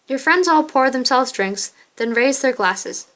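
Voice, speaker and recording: A woman reading the narration of a story game in a plain, even way. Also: high-pitched, unhurried.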